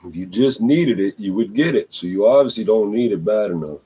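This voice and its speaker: A man's voice: on the low side, animated, fairly quick, dark tone, lo-fi sound, slight background noise. Profane ranting man. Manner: blunt, swearing, ends lines with "eh". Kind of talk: rambling profane rant to camera.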